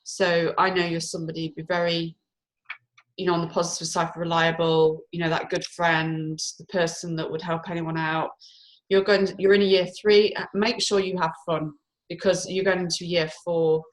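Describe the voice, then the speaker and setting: Woman co-host reading numbers on a live stream, lowish voice, keeps saying sorry and laughing. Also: level tone, moderate pace. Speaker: numerology co-host.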